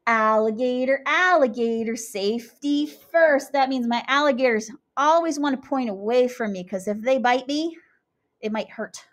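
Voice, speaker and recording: A young woman teaching young children, animated and sing-song as she chants rhymes and talks through each step. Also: sits high, normal speed. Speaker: kindergarten teacher.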